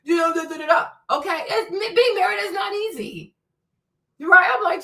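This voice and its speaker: Woman, 40s, livestream host: sassy, cursing rant, high lively voice, slightly off-mic. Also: moderate pace, distant mic. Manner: blunt, profane, sassy, laughing often.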